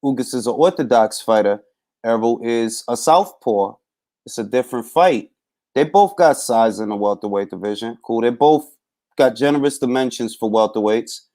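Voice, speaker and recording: A man's voice: mid-range voice, normal speed. Laid-back man hosting a live boxing chat. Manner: laid-back, shouts out viewers by name. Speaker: host of a live boxing talk stream. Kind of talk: casual live-stream chat.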